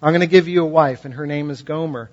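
A male preacher with a fairly high voice delivers a passionate sermon, swinging between loud emphasis and quiet, hushed points. He drives his ideas home through repetition and storytelling. The recording is dull and lo-fi. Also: fast. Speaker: pastor.

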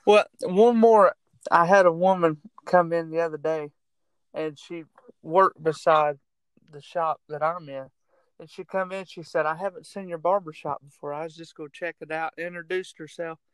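A man's voice: fairly high pitch, fairly even intonation, normal speed, smooth, no room sound. A man who is a minister and a barber, earnestly telling stories in a casual chat. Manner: earnest, laughs often. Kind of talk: casual storytelling.

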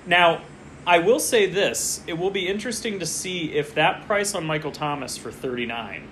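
A man's voice: fairly high pitch, animated, moderate pace, a bit bright, a little hiss or hum. A man co-hosting a casual podcast, chatting and rambling as he follows a fantasy football draft and gets distracted mid-story. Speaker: podcast co-host.

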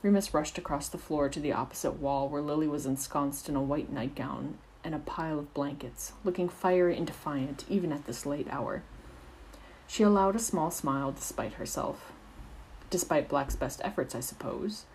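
A woman narrating fan fiction aloud in a steady, expressive storytelling voice. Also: low-pitched, normal speed, slight background noise, low-quality recording.

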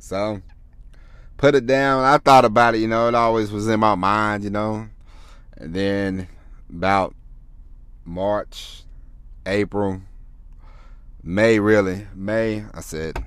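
A man talks through his solo podcast in a loose, rambling flow, restarting his sentences and swearing freely. His voice sits on the low side, and the recording is dry and close with no room sound. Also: unhurried, long pauses, clean tone, dry recording. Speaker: podcast host. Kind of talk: casual solo podcast talk.

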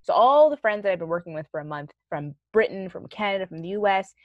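A young woman telling a story in a casual chat, animated and swearing casually. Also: mid-range voice, quick pace, dry recording. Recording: dull, dry sound.

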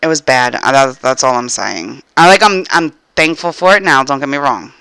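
A woman with a bright, clear tone co-hosts a casual podcast chat. She tells stories playfully and laughs a lot, then turns earnest when giving advice, in a dry, close-sounding recording. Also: extremely low pitch, lively intonation, normal speed, no room sound. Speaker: podcast co-host.

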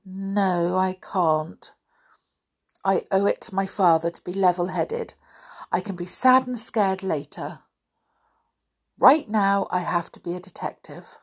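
A woman's voice: fairly low pitch, slow pace, pauses often, breathy edge. A woman voicing an upset, determined little girl mouse who talks indignantly and anxiously. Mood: worried.

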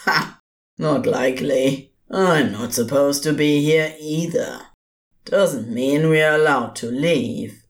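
A man voicing a bored, gleeful male ghost in a fan audio drama, slow and teasing. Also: on the high side. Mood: flippant. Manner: flippant, teasing. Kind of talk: podfic voice acting.

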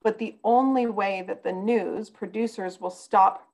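A woman's voice: mid-range voice, steady tone, unhurried, a little mellow, poor audio. A woman guest on a podcast, telling a personal story in an earnest, conversational way.

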